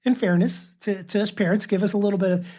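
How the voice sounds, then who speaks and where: A man's voice: high voice, steady tone, fast, a little mellow. Storytelling man in his fifties. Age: 50s. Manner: anecdotal, acts out quoted voices. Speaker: podcast guest, author and father. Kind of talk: casual interview storytelling.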